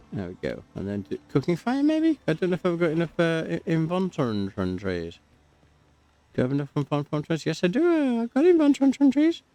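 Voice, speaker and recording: A man talking his way through a game in a casual, joking, self-chatting manner. His voice has a gravelly edge and swings around lively in pitch. Faint game music plays quietly behind him. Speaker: gameplay commentator. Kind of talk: casual gameplay commentary.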